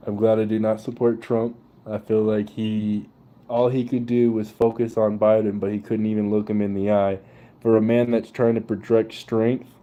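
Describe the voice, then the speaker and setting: A man's voice: on the low side, warm tone. A young man ranting casually and profanely, with slang and laughter. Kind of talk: casual political rant.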